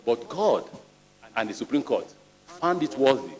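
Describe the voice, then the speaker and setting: A man's voice: mid-range voice, very animated, a little mellow. Nigerian man in a reverberant chamber. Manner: deliberate, measured, with storytelling asides. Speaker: ministerial nominee before a senate. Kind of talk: answering questions at a formal hearing. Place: large legislative chamber. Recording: long reverb of a large chamber.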